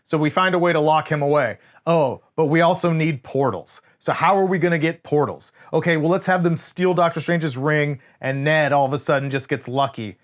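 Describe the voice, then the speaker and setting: Guy co-hosting a movie review, kinda high voice, swears a lot, animated. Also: brisk, hardly any pauses. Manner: animated, swears often, quotes scenes in voices. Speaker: podcast co-host. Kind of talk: casual movie review chat.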